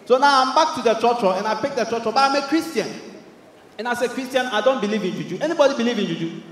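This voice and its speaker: A young Ghanaian stand-up comedian with a Ghanaian English accent and a very high-pitched voice. He performs in an animated way, acting out characters and shouting punchlines. His voice rings through a large, echoey hall with faint noise behind it. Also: fast talker. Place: large hall with live audience.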